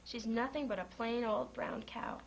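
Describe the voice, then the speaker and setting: A woman voicing a boastful, snorting male farm pig in a children's story, pitched higher than her reading voice. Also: steady tone, moderate pace, vocal fry, a little hiss or hum, rough recording.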